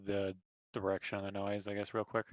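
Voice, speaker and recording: A man playing a tabletop game, describing his character's actions slowly and deliberately. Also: fairly low pitch, monotone, no echo. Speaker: player. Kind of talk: tabletop game play over voice chat.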